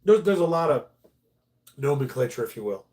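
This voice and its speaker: A man's voice: medium pitch, sing-song, a little fast, darkish tone. Rambling middle-aged male comedian. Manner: rambling, many restarts, swears freely. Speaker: stand-up comedian, host. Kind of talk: casual livestream chat.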